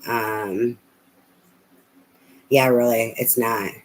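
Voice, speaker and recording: A woman's voice: extremely low pitch, steady tone, very slow, rough recording. Profane, ranting woman tarot reader. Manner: rambling, many fillers. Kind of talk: live tarot reading with viewer chat.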